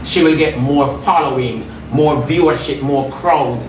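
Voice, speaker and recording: A man's voice: medium pitch, a little slow, recorded from a distance, a little hiss or hum. A man with a Jamaican accent in a heated rant, combative and taunting, repeating his jabs over and over. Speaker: social media personality. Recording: roomy and off-mic.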